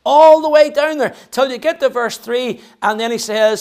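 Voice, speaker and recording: A man with an extremely high, smooth, somewhat dark voice preaches a sermon to his church at a moderate pace. He is emphatic and repeats words as he builds each point. When he reads scripture aloud, he raises his voice.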